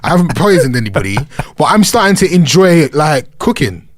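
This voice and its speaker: A man's voice: a little high, sing-song, brisk, dry recording, studio quality. A man co-hosting a podcast, chatting casually and bantering with plenty of laughs. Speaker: podcast co-host. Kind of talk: casual chat.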